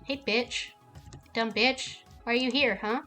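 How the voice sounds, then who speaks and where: A woman's voice: fairly high pitch, steady tone, a little slow, bright, forceful tone, faint music behind. A woman streaming a game, ranting casually with heavy swearing. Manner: profane and heated.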